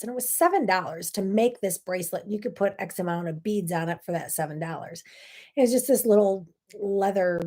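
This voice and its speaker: A woman's voice: mid-range voice, darkish tone. A middle-aged woman hosting a talk show, telling a personal story in an earnest, emotional way with many asides. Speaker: host.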